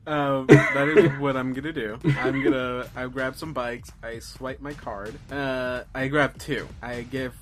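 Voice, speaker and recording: A man's voice: mid-range voice, fairly even intonation, measured pace, few pauses. A man playing a character in a tabletop role-playing game, talking hesitantly with many uhs and restarts. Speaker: player. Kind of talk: casual tabletop role-play.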